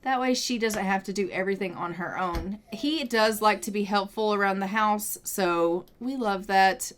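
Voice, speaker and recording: A young woman casually narrating a life-sim game, chatty and gushing, thinking out loud as she plays. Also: mid-range voice, normal speed, slight background noise. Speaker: gaming video creator. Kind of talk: casual let's-play commentary.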